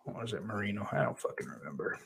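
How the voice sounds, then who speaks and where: A man's voice: on the low side, animated, fast, vocal fry, a bit bright, breathy edge. A man hosting a livestream, reading chat comments aloud and rambling in a profane, self-deprecating way.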